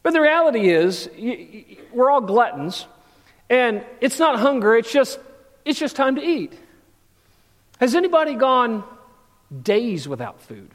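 A man preaching a sermon to his congregation, swinging between lively asides and hushed, earnest passages. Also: very high voice, measured pace, long pauses. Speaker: pastor. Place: church sanctuary. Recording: church hall reverb.

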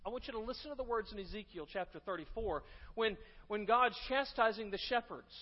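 Male pastor, high-pitched, emphatic sermon delivery, muffled sound with lingering sanctuary echo. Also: brisk. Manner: emphatic preaching, repeating key phrases with rising force. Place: church sanctuary. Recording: dull sound with long church reverb.

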